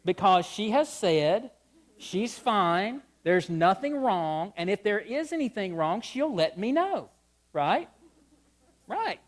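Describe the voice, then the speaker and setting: A man's voice: sits high, slow. Storytelling man preaching on marriage. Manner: lively storyteller, acts out both sides of dialogues. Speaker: conference speaker on marriage. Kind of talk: humorous church conference talk. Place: church sanctuary before a live audience.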